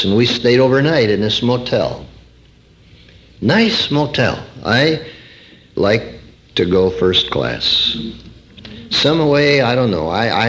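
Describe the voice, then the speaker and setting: Here the preacher's voice is lowish but fairly bright, with a little hiss or hum on the recording. The middle-aged man shares a folksy personal story in his sermon, full of dry humor and rhetorical questions aimed at the congregation.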